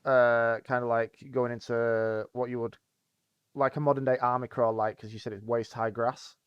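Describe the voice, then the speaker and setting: A man's voice: medium pitch, little pitch movement, smooth, no echo. Dry-sounding man joking through a game. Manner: joking, quick with quips. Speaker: player. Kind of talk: casual game chat. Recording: dry, muffled lo-fi audio.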